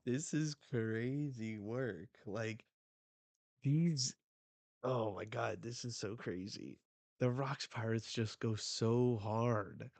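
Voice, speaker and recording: A man hosting a casual live reaction to a comic chapter. He sounds excitable and slangy, and often breaks off mid-phrase. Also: mid-range voice, slow, dry recording. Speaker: manga reaction host.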